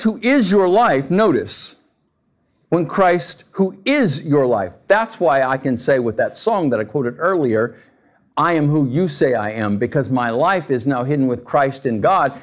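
Male pastor, slightly high voice with a wide lively range, conversational sermon full of rhetorical questions.

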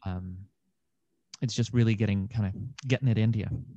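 A man's voice: on the low side, steady tone, a little fast, dark tone, highs cut off. A young man, an actor and podcast guest, talking through ideas in a thoughtful, meandering way with many fillers. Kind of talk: casual conversation.

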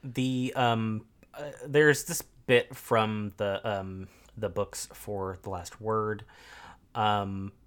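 A man co-hosting a casual podcast, talking through game lore with halting, filler-heavy speech. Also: fairly low pitch, fairly even intonation, a bit bright, smooth. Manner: halting, many fillers, thinks aloud. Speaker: podcast co-host.

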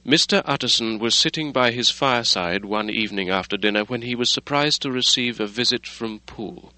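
A man reading a classic novel aloud as audiobook narrator, measured and steady. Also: medium pitch, no room sound, rough recording.

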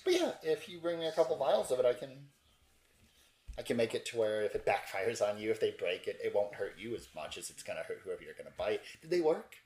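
A man voicing a tall, regal woman who makes potions and greets her customers warmly. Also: lowish voice, sing-song, fast, reverberant, rough recording. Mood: businesslike.

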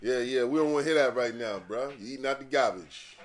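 A man hosting a podcast, ranting casually in profane, animated street slang. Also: medium pitch, brisk. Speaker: podcast host. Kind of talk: casual rant.

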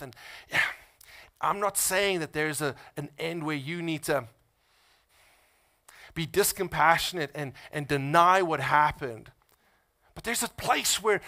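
A pastor's sermon from a man with a somewhat high voice. He leans in softly and intimately, then builds to loud, impassioned preaching, swinging widely in pitch and volume.

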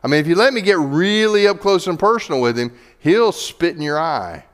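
A man's voice: a little high, big pitch swings, fairly quick, voice pushed up. A man voicing a scheming, taunting male devil with a raised, needling delivery. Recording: echoey hall reverb.

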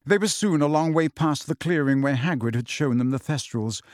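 Male audiobook narrator, steady scripted reading, fairly high pitch. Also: normal speed, no room sound. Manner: steady storytelling. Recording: dry close studio sound.

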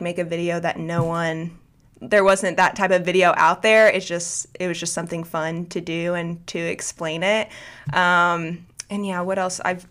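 A woman's voice: lowish voice, fairly bright tone. A woman guest chatting casually on a podcast, talking in a loose, rambling way with many fillers and restarts. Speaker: guest, book video creator.

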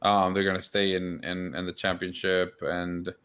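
Low-voiced man hosting a casual podcast. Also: little pitch movement, normal speed, fairly bright tone, slight background noise. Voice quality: rambling, many restarts. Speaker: podcast host. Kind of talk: casual chat.

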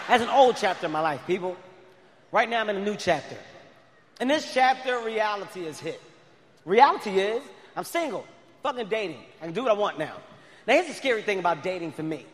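Excitable male stand-up comic; high voice, live-venue reverb. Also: brisk. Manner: loud, excitable storytelling. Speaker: stand-up comedian. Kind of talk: stand-up comedy. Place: large live comedy venue. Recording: live venue with long reverb and faint crowd noise.

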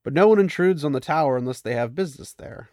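A man with a highish, somewhat mellow, expressive voice talks quickly as he casually recaps a fantasy novel. Amused and chatty, he chuckles at the story and lightly acts out the characters. The audio is studio quality, with no echo.

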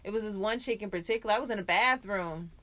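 A woman's voice: medium pitch, fast talker, bright, forceful tone. A woman co-hosting a podcast in casual chat, frank and profane, laughing often. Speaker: podcast co-host.

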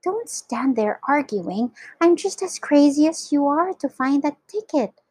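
A woman voicing an excited, secretive old grandfather who talks in conspiratorial whispers, in a storybook reading. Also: high voice, unhurried, dry recording, voice pushed up.

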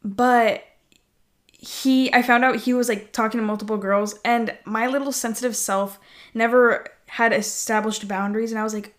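A woman's voice: on the high side, moderate pace. A young woman in casual chat, telling dating stories in a chatty, giggly way with lots of fillers.

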